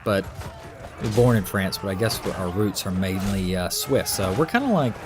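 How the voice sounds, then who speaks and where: A man's voice: fairly low pitch, normal speed, over music. An American man streaming a game, chatting casually and rambling with his live viewers. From United States. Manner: rambling, easygoing, chatty with many fillers. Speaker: gaming streamer. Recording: steady background noise.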